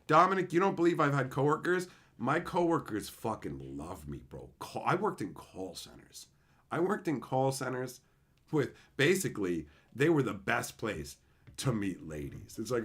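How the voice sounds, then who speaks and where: A man's voice: mid-range voice, big pitch swings, normal speed, fairly bright tone. A man streaming and chatting with his viewers, telling blunt, profane stories and laughing as he acts out the people in them. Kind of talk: casual live-stream chat, storytelling.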